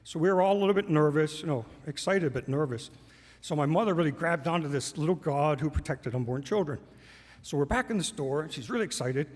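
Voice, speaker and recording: A man's voice: on the high side, a little fast. A man telling a personal story on stage to a live audience, conversational and amused. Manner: conversational, amused, laughs through lines. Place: stage in a large hall. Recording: long hall reverb.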